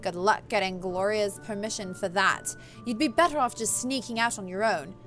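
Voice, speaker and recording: Girl reading as a dry couldn't-care-less sister, flat and sarcastic. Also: medium pitch, normal speed, soft background music, close to an everyday voice. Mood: sardonic. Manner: flat, sardonic, uninterested. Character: aloof indifferent sister, young woman. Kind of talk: reading a visual novel aloud.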